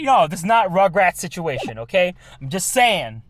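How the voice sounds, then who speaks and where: A man's voice: sits high, very animated, normal speed, hardly any pauses, no room sound, studio quality. A man hosting a casual let's-play, chatting and joking with lots of fillers. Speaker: game channel host.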